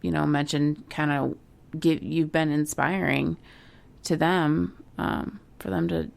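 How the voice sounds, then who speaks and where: A woman's voice: low-pitched, steady tone, slow pace, creaky. A woman co-hosting a podcast, chatting casually with lots of filler words. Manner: chatty, full of "like" and "you know". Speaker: podcast co-host.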